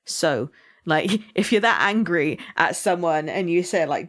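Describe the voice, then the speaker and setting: A woman's voice: on the low side, unhurried. Laughing woman with a Somerset accent. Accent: Somerset English. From England. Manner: animated, laughs often, playful asides. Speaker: podcast co-host. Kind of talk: casual chat.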